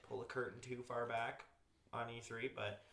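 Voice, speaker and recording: Bright-voiced chatty man in an echoey room. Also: mid-range voice, little pitch movement, normal speed, gravelly, slight background noise. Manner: chatty, many fillers. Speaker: podcast host. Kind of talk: casual group chat about video games.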